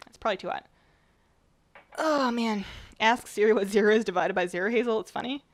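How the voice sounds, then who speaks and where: A woman chatting casually while she bakes on a stream, rambling a bit, her voice slightly rough at the tail end of a cold. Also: medium pitch, brisk, pauses often. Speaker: baking streamer. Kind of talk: casual chat while baking.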